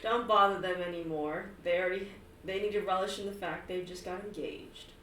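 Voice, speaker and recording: Casting: soft-spoken, scolding mother, put on by a woman, distant mic. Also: fairly low pitch, fairly even intonation, brisk, a little hiss or hum, close to an everyday voice. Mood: soothing. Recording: roomy, far from mic.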